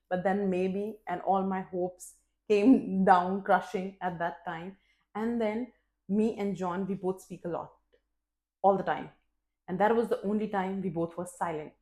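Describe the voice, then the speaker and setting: A woman vlogger telling a personal story in a candid, expressive, casual way, swearing freely and poking fun at herself. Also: mid-range voice. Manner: candid and expressive, with frequent swearing and self-mocking humor. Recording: roomy echo.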